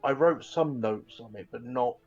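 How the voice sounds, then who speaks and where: A man's voice: medium pitch, moderate pace, a little mellow, soft background music. Hesitant man player, dull-sounding call audio. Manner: hesitant, full of "sort of". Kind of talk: tabletop role-play chat.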